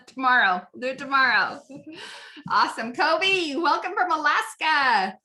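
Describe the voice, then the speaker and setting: A woman's voice: high voice, lively intonation, slow pace, bright, forceful tone. A woman coaching a live online group on network marketing, chatty and upbeat, often asking "right?".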